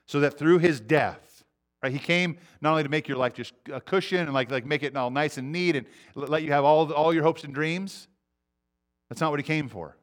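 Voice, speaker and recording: A middle-aged man preaching a sermon, earnest, swinging between loud urgency and quiet intensity. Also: mid-range voice. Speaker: pastor.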